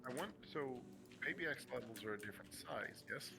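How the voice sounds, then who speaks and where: A man in casual gameplay chat with friends, relaxed and rambling as he thinks aloud. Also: mid-range voice, brisk, gravelly. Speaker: game streamer.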